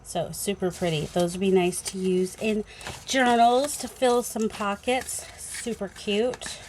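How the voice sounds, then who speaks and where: A woman's voice: medium pitch, steady tone, measured pace, darkish tone, a little hiss or hum. Chatty New England woman crafter. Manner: chatty, rambling, thinking aloud with many fillers. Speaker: crafting channel host. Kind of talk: casual unboxing chat. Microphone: phone.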